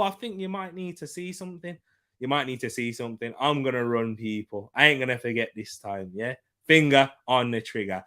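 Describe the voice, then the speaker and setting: A man hosting a live football watchalong, excitable, laughing often and shouting out at near chances. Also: mid-range voice, a little fast.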